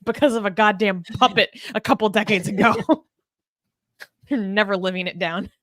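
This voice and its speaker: A young woman co-hosting a casual livestream chat, animated and self-mocking, laughing often. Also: mid-range voice, normal speed, dry recording, clean studio sound. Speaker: co-host.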